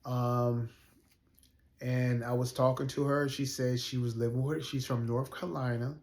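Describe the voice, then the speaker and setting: A man's voice: mid-range voice, little pitch movement, measured pace, a little mellow. Earnest man in his forties, roomy sound. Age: 40s. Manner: earnest, rambling, with many fillers and restarts. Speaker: rideshare driver telling a personal story. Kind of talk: casual storytelling to camera. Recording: roomy echo.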